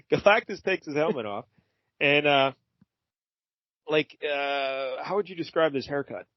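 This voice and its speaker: A man's voice: fairly high pitch, unhurried, dry recording. Laid-back man co-hosting a podcast. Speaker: podcast co-host. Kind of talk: casual chat recapping a comic. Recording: muffled lo-fi podcast audio.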